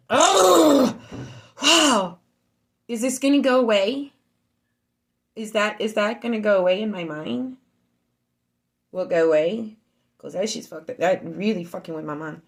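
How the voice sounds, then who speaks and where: A woman streaming casually to her online group, shaken, repeating herself, swinging from loud outbursts to low murmurs. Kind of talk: emotional casual storytelling.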